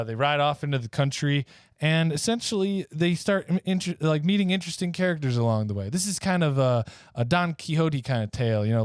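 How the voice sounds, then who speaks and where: A man co-hosting a podcast who picks up a made-up comic story and tells it haltingly, with many uhs and ums. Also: mid-range voice, clear, resonant tone, no room sound, clean studio sound. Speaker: podcast co-host.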